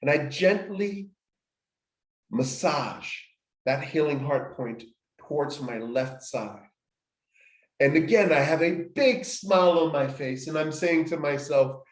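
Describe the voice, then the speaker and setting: A man's voice: a little high, lively intonation, slow pace. Man guiding a healing session, echoey room. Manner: step-by-step, repetitive, frequent restarts. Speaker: healing workshop host. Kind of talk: guided healing instruction.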